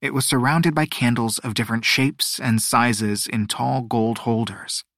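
Male narrator for a fantasy audiobook; even, descriptive, mid voice, dry booth sound. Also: medium pitch, unhurried, no room sound. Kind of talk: scripted narration.

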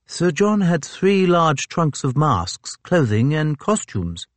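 A man's voice: on the high side, sing-song, slow pace, no room sound, voice pushed up. A man voicing a nervous, earnest naval captain with a slight lisp, speaking eagerly and a bit hurriedly in an audiobook. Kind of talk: audiobook character voice.

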